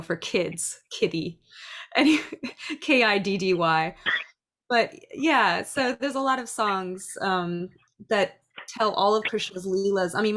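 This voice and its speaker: A middle-aged woman who teaches dance and preschool, speaking in a chatty, lively way about classroom ideas. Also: medium pitch, slight background noise. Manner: chatty, lively, acts out little voices. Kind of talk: casual talk.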